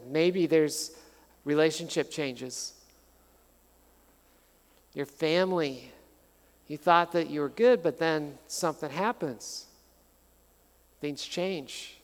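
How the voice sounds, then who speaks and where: A middle-aged male pastor delivers a sermon in a warmly conversational, animated way, slipping in light jokes and stories. His voice sits a little higher than most men's. The sound carries a long reverb from the hall around him. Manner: conversational, animated storytelling with humor.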